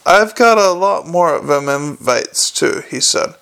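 A scruffy, gloomy young city watchman, voiced by a man. He grumbles his way through every line in a slightly high, gravelly voice. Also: lively intonation, unhurried, fairly bright tone, full character voice. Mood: perking up.

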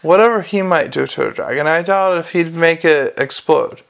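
A man's voice: on the high side, moderate pace, creaky, a bit bright. A man voicing a testy, cynical middle-aged male watch captain with a dry manner.

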